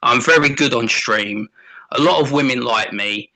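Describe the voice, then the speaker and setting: A man's voice: mid-range voice, normal speed, pushed and bright. A man with a South London accent, a guest on a casual online talk show, bragging in a mock-boastful way. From South London, England. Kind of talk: casual podcast chat.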